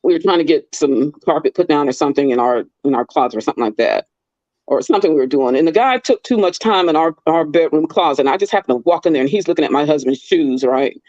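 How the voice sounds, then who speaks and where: A middle-aged woman tells stories in a lively, swooping voice that leaps high whenever she acts out what someone said. The sound is dry and a little dull, like a modest home recording. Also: fast, dry recording. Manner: animated, acts out quoted people with big pitch leaps. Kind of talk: casual chat, storytelling.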